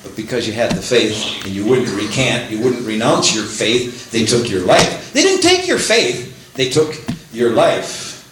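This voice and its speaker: A man's voice: on the low side, normal speed. Older male preacher in an echoey church. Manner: animated, rising to exclaim praises, many restarts. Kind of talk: sermon. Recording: echoey room with faint hum.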